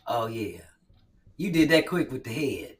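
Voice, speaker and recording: A woman's voice: very deep voice, a little slow. A woman comedienne hosting a podcast, joking brashly and profanely and acting out scolding mothers. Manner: brash, profane, acts out scolding moms in lively voices. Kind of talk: casual comedic chat. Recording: distant mic with faint noise.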